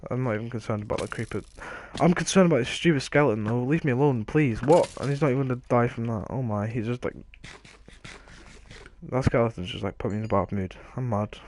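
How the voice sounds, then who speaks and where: A man's voice: medium pitch, fast talker, a little mellow, slight background noise. A man casually commenting on his own video game play, rambling and joking at himself, often trailing off mid-sentence. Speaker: gaming video host.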